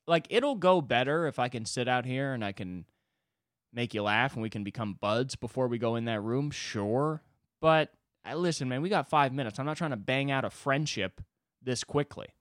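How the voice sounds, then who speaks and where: A man's voice: medium pitch, a bit bright, no echo, studio quality. A man hosting a solo podcast, telling a sarcastic, profane story with big swings in his voice. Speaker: podcast host. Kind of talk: solo comedic monologue.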